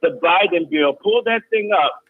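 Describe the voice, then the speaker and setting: Brief: male guest, fairly high voice, insistent and repetitive, heard over a thin phone line. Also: moderate pace. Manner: emphatic, repeats phrases forcefully. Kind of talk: heated call-in talk. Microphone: phone call.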